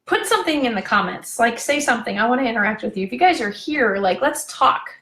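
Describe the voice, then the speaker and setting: Woman coach, live casual chat, gravelly voice in an echoey room. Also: a little high, lively intonation, fast, fairly bright tone. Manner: chatty and gushing, wanders off on tangents. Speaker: parenting coach hosting a live video talk.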